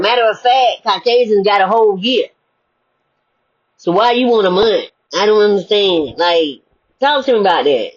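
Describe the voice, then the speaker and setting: Husky woman preaching in a lo-fi recording. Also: mid-range voice, lively intonation, moderate pace. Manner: preachy, conversational, asks rhetorical questions. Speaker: motivational speaker. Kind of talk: spiritual sermon-style talk. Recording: dull lo-fi recording.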